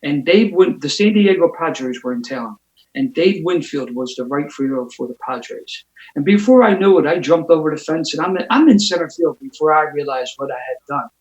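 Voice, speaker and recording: A man's voice: on the high side, expressive, roomy sound, low-quality recording. A man sharing his recovery story at a meeting, with a lot of stops and restarts. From Philadelphia. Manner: storytelling with quick restarts and laughs. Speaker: AA speaker. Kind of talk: recovery share told as a story. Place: home via video call. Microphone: video call mic.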